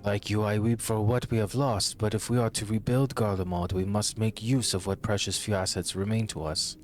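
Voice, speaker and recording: An indignant old noble put on by a male streamer scoffs in an exaggerated way, reading along with the game. A faint score plays under a low-set voice. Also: steady tone, normal speed, faint music behind, natural voice. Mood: scornful.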